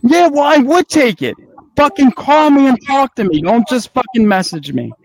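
A man with a strikingly high voice, angry and profane, lecturing someone in a heated on-air argument. The sound is dry and close, with no room around it. He keeps telling the other man to grow up. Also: lively intonation, normal speed, gravelly, dry recording, poor audio. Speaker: network owner.

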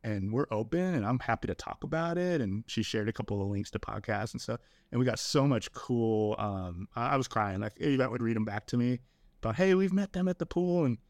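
A man's voice: lowish voice, a little fast, no room sound. A middle-aged man speaking as a podcast guest, earnest and emotional, often saying "man" and "dude". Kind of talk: candid podcast conversation.

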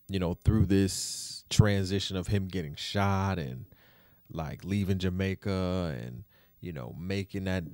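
A man's voice: low voice, dry recording, clean studio sound. A man hosting a casual opinion podcast, talking. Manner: relaxed and conversational, with many fillers and repeats. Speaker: podcast host.

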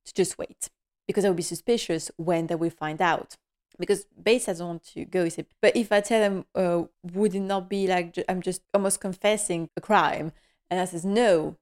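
Lady chatting thru an episode recap, kinda low voice, retells scenes. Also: darkish tone. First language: French. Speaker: podcast host. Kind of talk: casual episode recap and commentary.

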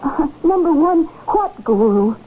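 A worried, chatty wife stammers and restarts in a fairly high voice, in 1970s radio drama style. It comes through thin and tinny like an old broadcast, with a faint hiss. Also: female voice, very animated, unhurried. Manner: hesitant, stammering, nervous restarts. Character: anxious wife of a changed man, chatty.

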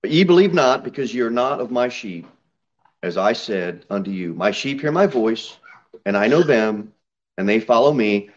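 A man preaching a sermon in a church, reading scripture aloud and building to emphatic, loud, high peaks. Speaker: pastor. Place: church sanctuary. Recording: slightly dull church recording.

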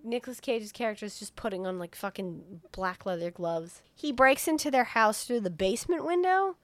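A young woman, co-hosting a podcast and retelling a film plot in a casual, profane, animated way, often slipping into quoted voices. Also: medium pitch, moderate pace, no room sound. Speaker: podcast co-host. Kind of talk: casual movie recap.

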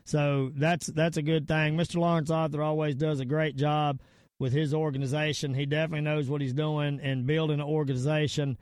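A man's voice: on the high side, flat delivery, fairly quick, a little mellow, no echo, studio quality. A middle-aged man with a Southern US accent, hosting a podcast and ranting in a rambling, emphatic way with repeated words. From Virginia / North Carolina area, US. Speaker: podcast host. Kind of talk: casual podcast rant and sign-off.

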